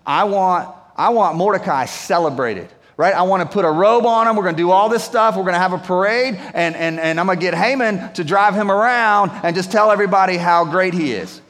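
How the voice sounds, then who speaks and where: A preacher acts out an impulsive ancient king who barks orders in loud, rushed bursts. The voice sits high and rings with a long reverb from a big hall. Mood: excited. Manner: loud, fast, excitable outbursts. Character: impulsive hot-tempered ancient king, man.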